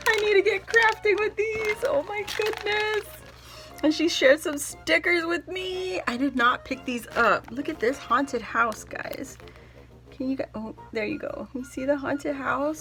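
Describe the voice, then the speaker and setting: Woman, crafting vlogger, effusive unboxing chat, slow and lively, on the higher side. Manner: gushing, gasping, effusive. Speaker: craft vlogger opening gifts. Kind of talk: casual gift unboxing.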